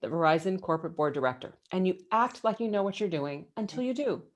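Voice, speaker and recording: Middle-aged woman, executive guest, emphatic, lively pitch swings, motivational interview answers. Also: fast.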